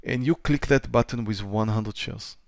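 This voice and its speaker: A man teaching a live trading webinar in a smooth, resonant voice, recorded close and dry. He speaks straight to his students and repeats his phrases for emphasis. At times he acts out a trader's racing thoughts with rising excitement. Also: fairly low pitch, moderate pace, dry recording. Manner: repeats phrases, direct to the audience. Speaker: trading instructor.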